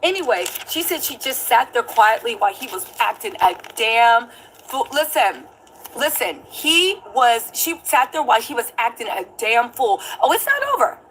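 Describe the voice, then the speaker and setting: Animated woman host, high voice, livestream chat commentary. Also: normal speed, a little hiss or hum, rough recording. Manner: animated, acts out quoted lines in high voices. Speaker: news show host. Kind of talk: casual commentary with livestream shout-outs.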